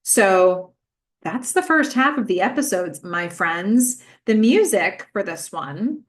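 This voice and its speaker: With a medium-pitched voice and lively intonation, a woman slowly recaps a TV episode on her podcast. She keeps it chatty and casual, often filling gaps with "um" and "like."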